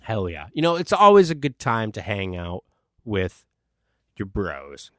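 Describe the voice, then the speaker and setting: A man co-hosting a casual comedic podcast, joking around, animated and swearing often. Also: lowish voice, measured pace, no room sound, clean studio sound. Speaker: podcast co-host.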